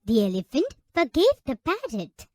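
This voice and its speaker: High, sing-song woman storyteller. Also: no echo, studio quality. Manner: slow, expressive and sing-song. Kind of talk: children's story narration.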